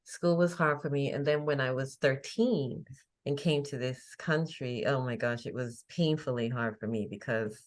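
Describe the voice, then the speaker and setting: A woman in her fifties from England talks in a low, full voice. She is a chatty guest who tells stories and laughs easily. Her tone is relaxed and conversational. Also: normal speed. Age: 50s. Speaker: guest, faith coach. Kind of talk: casual interview chat.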